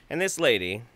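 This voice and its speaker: A man's voice: a little high, sharp tone, dry recording. A man doing sarcastic, mocking reaction commentary, swearing freely. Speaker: commentary YouTuber.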